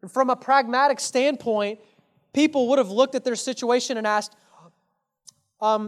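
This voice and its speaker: A man's voice: very high voice, steady tone, normal speed, long pauses. A man preaching an earnest sermon as a pastor, putting rhetorical questions to his congregation and addressing them casually and directly. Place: church.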